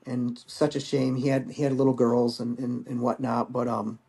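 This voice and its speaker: A man's voice: mid-range voice, flat delivery, normal speed, creaky, a little mellow. A man in his forties, a veteran guest, telling stories in a candid, rambling way and swearing casually. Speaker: podcast guest, Marine veteran. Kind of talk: casual storytelling.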